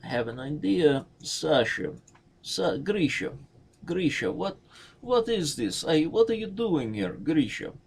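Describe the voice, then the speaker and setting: A man putting on a shrill, startled foreigner. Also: very animated, slow, vocal fry, husky, full character voice.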